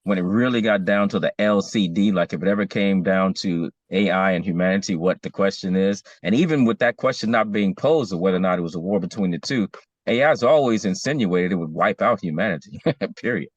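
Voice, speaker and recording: A man's voice: deep voice, a little fast, no room sound, lo-fi sound. A man in casual discussion as co-host, talking emphatically, his voice rising when he is stirred.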